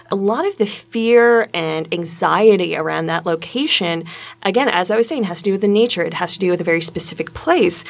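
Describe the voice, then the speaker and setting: A woman's voice: fairly low pitch, vocal fry. A woman from Canada, co-hosting a podcast and talking through film history in an analytical way, with mocking asides. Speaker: podcast co-host. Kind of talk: casual film discussion.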